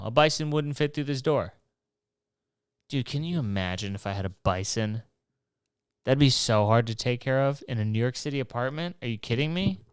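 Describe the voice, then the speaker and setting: A man's voice: mid-range voice, clean tone, no echo, clean studio sound. A young man hosting his own show, rambling casually and swearing, mocking himself as he goes. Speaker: podcast host. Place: New York City apartment.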